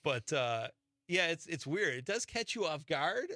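A man's voice: fairly high pitch, very animated, measured pace, sharp tone, no echo, studio quality. A middle-aged man from the Chicago area, a comedian and host, telling stories in casual chat, laughing at himself and restarting often. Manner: chatty, self-deprecating storyteller with laughs and restarts.

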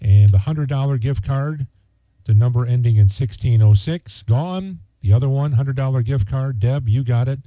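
Man, radio host, auction results, folksy and chatty, dark mellow tone, dry close sound. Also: medium pitch, normal speed, dry recording, lo-fi sound. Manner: folksy, chatty, lots of fillers. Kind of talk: charity auction wrap-up.

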